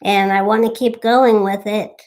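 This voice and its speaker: Slow-talking young woman chatting on a live stream. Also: mid-range voice, steady tone, darkish tone. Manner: chatty, thanks viewers by name. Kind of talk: casual live-stream chat.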